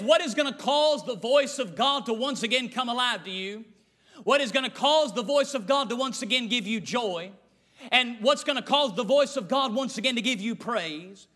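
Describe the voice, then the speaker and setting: Man, Southern US accent, pastor, folksy emphatic sermon, high voice. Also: sharp tone. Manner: folksy, emphatic preaching with repetition.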